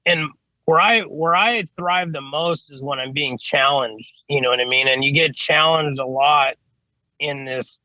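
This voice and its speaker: A man's voice: on the high side, measured pace, no room sound, lo-fi sound. A man, an HVAC service tech, telling stories casually in an interview, rambling with lots of "you know what I mean" and casual swearing. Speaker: HVAC service technician, podcast guest.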